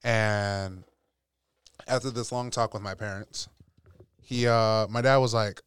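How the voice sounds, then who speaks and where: A man's voice: fairly low pitch, measured pace, pauses often, smooth, no room sound. A young man, a podcast guest, chatting casually and acting out his family's voices while he tells stories. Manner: animated storyteller, acts out family voices. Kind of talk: casual chat.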